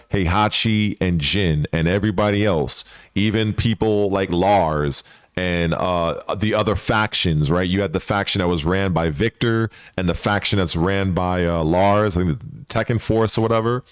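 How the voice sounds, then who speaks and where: Low-voiced man rambling profanely. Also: clear, resonant tone, dry recording, studio quality. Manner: rambling and profane, with frequent restarts. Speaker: gaming channel host. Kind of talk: casual speculative commentary.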